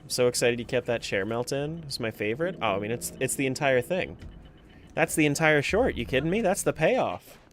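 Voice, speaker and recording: Man, game streamer, casual chat, talks to himself as he plays, laughs a lot, mid pitch, very lively intonation. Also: a little fast, soft background music. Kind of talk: casual live-stream chat while playing.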